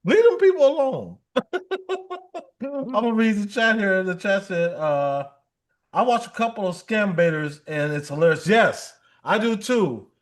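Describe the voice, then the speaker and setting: A man with a high voice chats casually on a livestream. He tells jokey stories, mimics callers and laughs often. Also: lively intonation, measured pace, a bit bright. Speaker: livestream co-host. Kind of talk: casual chat.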